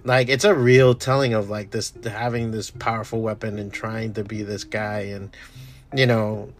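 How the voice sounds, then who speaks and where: A man chatting casually and enthusiastically about shows and comics, swearing often and trailing off into quieter mumbles. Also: on the low side, level tone, normal speed, soft background music. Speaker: comic artist streamer. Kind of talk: casual rambling chat.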